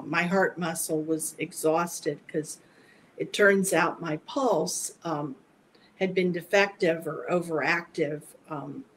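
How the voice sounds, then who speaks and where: A middle-aged woman, a guest psychic, telling a personal story in a casual, meandering way with many halting restarts. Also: low voice, slight background noise, low-quality recording.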